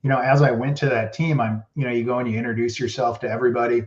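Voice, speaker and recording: A man's voice: medium pitch, little pitch movement, very fast. A man who is a guest on a podcast, telling hockey stories in a loose, rambling way and saying "like" constantly. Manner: rambling, heavy use of "like". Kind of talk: casual storytelling. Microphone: podcast mic. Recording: roomy, dull lo-fi podcast audio.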